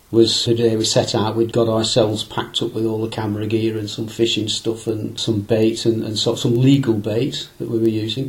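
A man's voice: lowish voice, darkish tone, low-quality recording. Rambling man telling fishing stories. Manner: rambling and anecdotal, with frequent fillers and restarts. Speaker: angler recalling fishing trips. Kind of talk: casual conversation.

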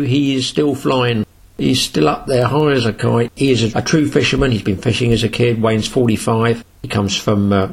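A man's voice: lowish voice, breathy edge. An older man from Britain, a sea angler, telling rambling, boastful fishing stories in a casual, chatty way. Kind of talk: casual spoken anecdote.

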